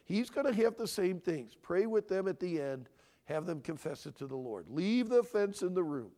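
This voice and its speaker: An older man in his sixties preaches with a lively, sweeping delivery, his voice riding high. He talks emphatically and fires questions straight at the listeners. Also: moderate pace. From Michigan. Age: 60s. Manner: animated, emphatic, asks audience questions. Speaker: conference speaker. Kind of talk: sermon-style teaching.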